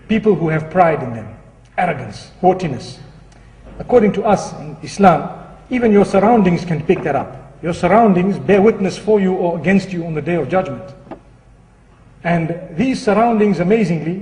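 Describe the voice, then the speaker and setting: A male Muslim preacher telling a humorous story within a sermon, in a lively, chatty storytelling way. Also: high voice. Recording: echoey hall, distant mic.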